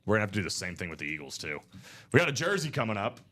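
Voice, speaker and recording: Upbeat male breaker who calls spots and hypes the odds, with very animated pitch. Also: racing. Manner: upbeat, slangy, hype-driven. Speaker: card break host. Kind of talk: live stream sales chatter.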